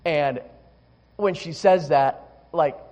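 A man's voice: a little high, takes it slowly, a little mellow. A man preaching a sermon, telling a candid personal story with many restarts before turning to scripture. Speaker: pastor.

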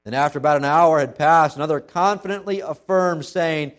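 A man preaching a sermon in a lively, conversational way, often restarting his sentences as he goes. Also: on the high side, a little fast, hardly any pauses. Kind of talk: sermon with dramatic scripture readings.

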